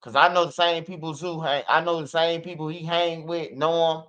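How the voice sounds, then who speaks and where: A man's voice: fairly high pitch, little pitch movement, normal speed, fairly bright tone. Rambling, profane man. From Chicago. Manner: rambling, profane, repeats bro and man, laughs often. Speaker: livestream commentator. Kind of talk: casual livestream rant. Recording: muffled lo-fi stream audio.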